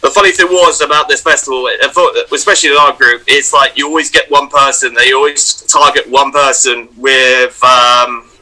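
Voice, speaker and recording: A man who is an actor, telling festival stories in a casual podcast chat with lively, swearing anecdotes. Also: medium pitch, normal speed, hardly any pauses, poor audio. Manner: animated storyteller, swears, acts out loud voices in anecdotes. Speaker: guest, actor and vlogger.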